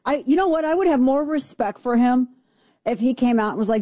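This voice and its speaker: A woman hosting a talk radio show, giving sarcastic, brash and animated commentary. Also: sits high, fairly quick, no echo, clean studio sound.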